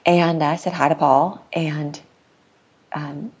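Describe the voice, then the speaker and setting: A woman's voice: sits low, little pitch movement, takes it slowly, darkish tone, slightly rough, dull audio. A middle-aged woman, a podcast guest, telling a personal story in a candid, earnest way and laughing now and then. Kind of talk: personal storytelling in casual chat.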